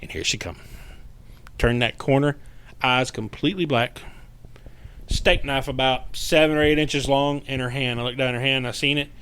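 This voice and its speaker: A man who investigates the paranormal is a guest on a casual podcast, telling a story in an animated, profane way and acting out what people said. His pitch is medium and his pace moderate, with long pauses and a clean tone.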